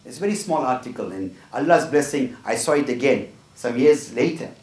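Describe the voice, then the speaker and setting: A middle-aged man gives a motivational workshop talk to a small group, earnest and full of personal stories, often tagging his points with "right?". His medium-pitched voice is animated, brisk and darkish. The sound is echoey, recorded from a distance in the room.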